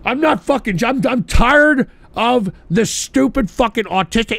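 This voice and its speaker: A man hosting a call-in stream show, ranting abrasively, hurling insults and often bursting into shouts while drinking beer. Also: very high-pitched, lively intonation, measured pace, vocal fry, hardly any pauses, no room sound. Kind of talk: profane live-stream rant.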